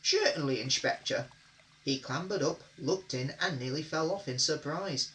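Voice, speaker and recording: A man reading children's railway stories aloud in steady, clear narration. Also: a little high, moderate pace, slight background noise, poor audio. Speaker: reader. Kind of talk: storybook reading.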